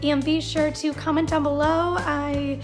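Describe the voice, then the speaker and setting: Woman vlogger, high voice, sarcastic and exasperated rant to camera. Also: flat delivery, measured pace, faint music behind. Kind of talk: ranting vlog monologue.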